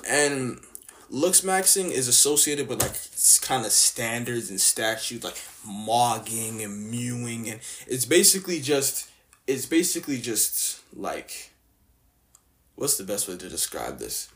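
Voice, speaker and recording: A man's voice: mid-range voice, animated, measured pace, fairly bright tone. Young man, from Canada, casual rant, slangy, blunt, mocking. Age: young adult. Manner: slangy, blunt, mocking, lots of filler words. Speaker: vlogger.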